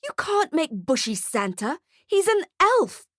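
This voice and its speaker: A woman's voice: fairly high pitch, animated, measured pace, no room sound, clean studio sound. Woman doing a cursing, indignant down-and-out Santa. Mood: protesting. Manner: indignant, blurts mangled curses. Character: foul-mouthed down-and-out male Santa.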